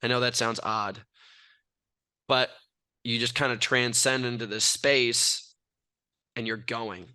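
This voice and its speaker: A young man from California talks with brash self-assurance, spinning stories in a casual interview. His voice is bright, crisp and dry. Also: mid-range voice, steady tone, slow pace, long pauses, no room sound. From California, USA. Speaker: athlete guest.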